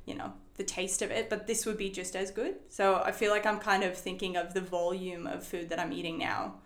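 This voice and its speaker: A woman's voice: mid-range voice, little pitch movement, brisk. Chatty woman guest, echoey room. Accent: non-Australian, faintly Australian-tinged. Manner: chatty, hesitant, uses "like" often. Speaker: guest, coaching client. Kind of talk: casual interview chat.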